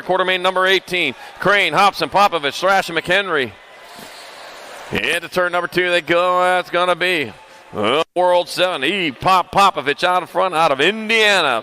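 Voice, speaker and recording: A man calling live racing over a PA at an outdoor track, rattling off riders' names in quick, playful bursts. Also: a little high, sharp tone, a little hiss or hum. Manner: rapid-fire, playful, calls names in quick lists. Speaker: race announcer. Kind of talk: live race commentary. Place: outdoor racetrack.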